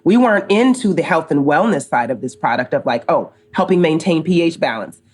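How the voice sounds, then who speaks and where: In a deep, fairly quick voice, a middle-aged American co-founder recounts a lengthy story during a relaxed podcast interview. She's a lively narrator, voicing each line of quoted dialogue herself.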